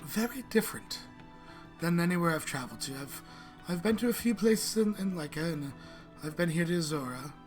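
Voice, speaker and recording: A man putting on a far-travelled woman trader with a heavy, unplaceable accent, earnest and a little apologetic. The voice sits rather high for a man, and music runs underneath. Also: expressive, brisk, lightly acted.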